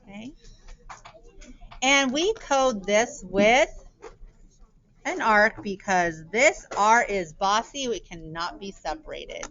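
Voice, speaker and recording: A woman teaching spelling to young children, speaking very slowly and sounding out each letter with care. Her voice sits at an ordinary pitch, and the recording is dull and lo-fi. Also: a bit bright. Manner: slow, clearly sounded-out words.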